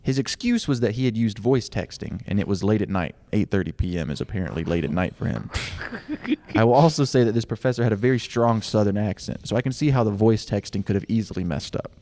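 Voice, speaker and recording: Lowish-voiced guy reading fan letters on a chill podcast, slows down on the quotes. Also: expressive, warm tone. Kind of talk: casual chat.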